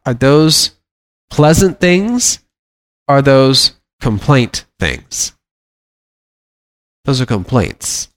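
A man's voice: mid-range voice, big pitch swings, very slow, long pauses. Middle-aged man teaching scripture informally. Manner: conversational, repeats words and restarts, acts out plaintive prayers. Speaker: teacher of a congregation.

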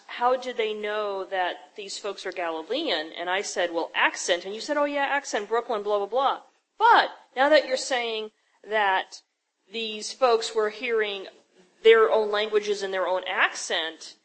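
A woman's voice: mid-range voice, a bit bright, poor audio. Thoughtful woman reasoning aloud. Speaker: Bible study participant. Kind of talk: casual discussion.

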